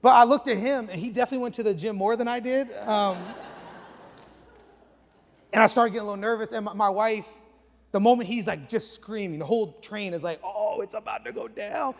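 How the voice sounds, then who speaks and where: A man in his forties, a pastor preaching a sermon with chatty, animated storytelling and casual slang. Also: high voice, fairly quick. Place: church auditorium. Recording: echoey large church hall.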